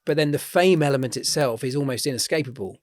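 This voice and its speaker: A man hosting a podcast, asking questions in a measured, thoughtful way. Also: mid-range voice, no echo. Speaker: podcast host. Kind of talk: casual interview chat.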